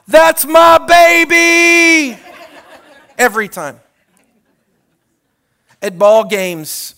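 A man preaching a sermon as a pastor, shifting between loud hollering and hushed tones and often repeating words as he restarts phrases. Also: high voice.

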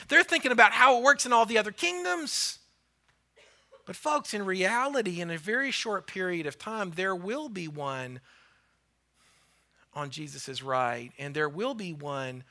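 High, bright-voiced man preaching. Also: a little slow. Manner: animated storytelling, acting out the voices of biblical figures; repeats and restarts phrases for emphasis. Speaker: pastor. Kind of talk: sermon.

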